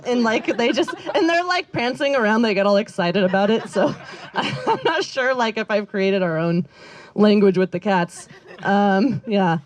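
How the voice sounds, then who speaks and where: A woman's voice: medium pitch, expressive, a little slow, no echo. Woman stand-up comic, rambling self-deprecating set, giggles through it, dry close sound. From Northern California. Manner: rambling, self-deprecating, lots of fillers and laughs. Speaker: stand-up comedian. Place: outdoor backyard comedy show.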